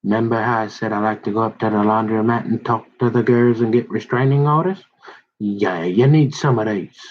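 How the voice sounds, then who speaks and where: A man rambling slowly through a casual monologue, folksy and meandering, with trailing asides. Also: lowish voice, slight background noise. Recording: dull lo-fi recording.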